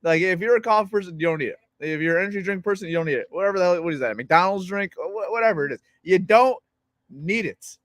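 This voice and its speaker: An excitable American man co-hosting a football podcast, laughing often and reading off team lists. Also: high voice, quick pace, no room sound, studio quality. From United States. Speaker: podcast co-host. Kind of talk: sports podcast chat.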